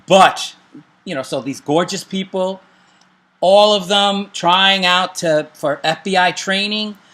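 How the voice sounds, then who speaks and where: A man's voice: high-pitched, takes it slowly, pushed and bright. A middle-aged man co-hosting a casual chat and recommending TV shows, joking and making self-deprecating asides. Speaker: show co-host.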